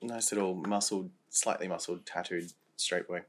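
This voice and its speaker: Give me a young man with a slightly low voice, chatting campily on a podcast. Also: normal speed. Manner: camp, playful, lively, laughs often. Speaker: podcast co-host. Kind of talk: casual chat.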